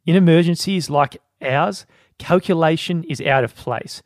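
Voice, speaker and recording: A man's voice: a little high, measured pace, no room sound, studio quality, voice pushed up. A man voicing an ancient general giving a grand, declaiming speech to his soldiers in a put-on accent. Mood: rousing.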